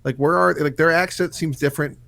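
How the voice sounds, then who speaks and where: A man co-hosting a movie podcast, talking through the film in a measured, analytical way. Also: fairly high pitch, fairly even intonation, vocal fry, fairly bright tone. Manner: measured, analytical, history asides. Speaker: podcast co-host. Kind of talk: casual movie review chat.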